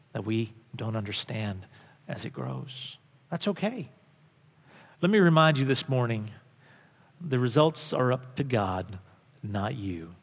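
A pastor preaches from the pulpit, earnest and emphatic, hammering his points home by repeating phrases. His mid-pitched, slightly rough voice rings with the long reverb of a church sanctuary.

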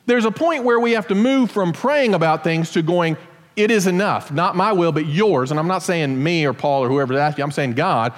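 A man's voice: on the high side, normal speed. A man giving a casual sermon as pastor, explaining scripture with joking asides in a church sanctuary. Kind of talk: conversational sermon. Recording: long hall reverb.

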